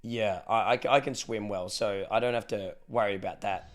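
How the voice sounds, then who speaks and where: A man's voice: fairly low pitch, fairly even intonation, moderate pace, faint music behind. Chatty Australian man, casual streamer. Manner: loose and chatty, swears, thanks viewers for subs. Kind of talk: casual live-stream chat.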